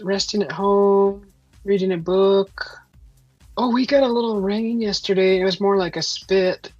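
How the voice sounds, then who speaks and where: A woman's voice: medium pitch, darkish tone, dry recording, lo-fi sound. A middle-aged woman hosting a casual live stream, chatting to viewers with a sickly, weakened throat, rambling and laughing often. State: sick, throat still weak. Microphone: computer microphone for live stream.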